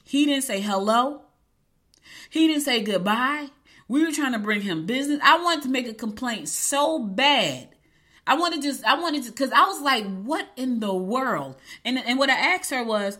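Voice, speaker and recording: Lady in her middle years, chatty storytime vlog, bright voice, acts out every quote. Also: a little high. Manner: animated, emphatic, acts out quotes. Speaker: vlogger. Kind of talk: casual storytelling to viewers.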